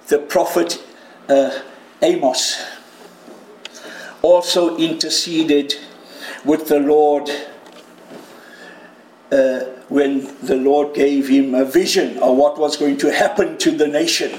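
Male preacher, high voice, unhurried delivery, bursts of loud emotion, echoey church hall. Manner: animated, cries out quoted prayers loudly; jokes with the congregation and home viewers. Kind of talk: sermon. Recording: roomy hall with faint ambience.

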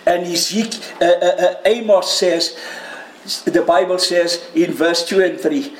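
A man preaching a sermon to a congregation and viewers at home, crying out quoted prayers loudly and joking with his listeners. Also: sits high, steady tone, measured pace. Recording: roomy hall with faint ambience.

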